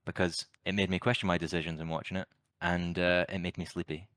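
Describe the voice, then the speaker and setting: A man's voice: low voice, flat delivery, quick pace, a bit bright, no room sound. A man co-hosting a podcast, giving wry, opinionated film opinions with dry sarcastic jokes. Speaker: podcast co-host. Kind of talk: casual film review chat.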